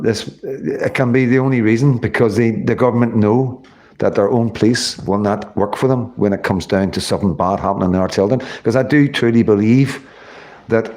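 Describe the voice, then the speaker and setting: A man's voice: lowish voice, a little mellow. A middle-aged man with a Northern Irish accent, rambling and swearing on a casual livestream while reading viewer comments. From Northern Ireland. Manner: rambling, swears often, many fillers.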